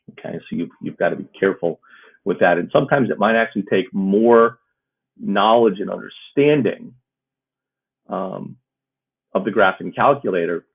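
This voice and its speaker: Low husky male math teacher, tinny. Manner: steady, step-by-step explaining. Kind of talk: recorded math lesson. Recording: muffled phone-like audio.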